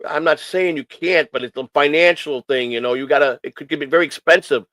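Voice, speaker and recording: A man's voice: on the high side, fairly quick, fairly bright tone, no echo, rough recording. A man hosting a casual morning stream show, rambling earnestly with many repeats and restarts. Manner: earnest and emotional.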